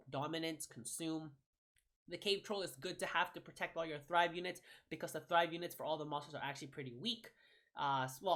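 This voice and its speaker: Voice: mid-range voice, a bit bright. A young adult gaming creator giving casual card-ranking commentary, rambling and often correcting and hedging mid-sentence.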